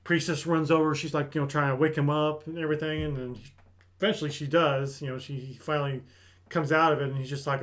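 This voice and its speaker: A man's voice: a little high, fast. A man hosting an anime review, casually retelling an episode and briefly voicing the characters as he goes. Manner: animated storytelling that acts out characters' lines.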